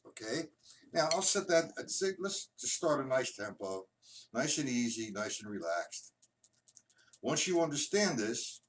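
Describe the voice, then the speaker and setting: A man teaching a drum lesson on a live stream, patiently explaining and counting out loud. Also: mid-range voice. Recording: distant mic, loud noisy room.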